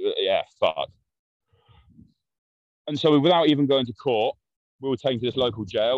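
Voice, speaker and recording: A man from London, guesting on a podcast, tells a story casually in a blunt, meandering, swear-heavy style. His voice is lowish and dry, on dull lo-fi podcast audio.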